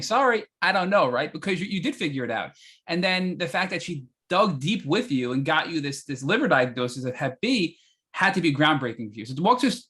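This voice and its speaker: A man hosting a podcast, recapping his guest's story and asking questions in an animated, sometimes apologetic way. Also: a little high. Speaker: podcast host.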